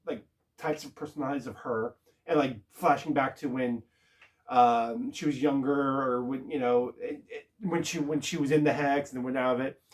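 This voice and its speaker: A man casually recapping a TV episode, rambling and halting with lots of filler words. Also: medium pitch, fairly even intonation. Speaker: TV show reviewer.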